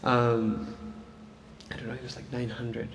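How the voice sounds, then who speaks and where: A man's voice: medium pitch, monotone, unhurried, big-room sound, a little hiss or hum. A man teaching Islamic studies in a casual lecture style, talking conversationally and often checking in with "right?". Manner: conversational, frequent "right?" and "like" fillers.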